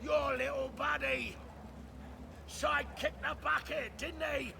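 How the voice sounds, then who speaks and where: An actor playing a cruel, gloating crime boss with a gravelly, sneering voice. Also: male voice, very high voice, fairly even intonation, slow pace, exaggerated voice. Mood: defensive. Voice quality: gravelly, sneering, swears a lot. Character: menacing crime boss, middle-aged man, gloating and cruel. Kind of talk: video game voice acting. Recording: game audio with loud noise.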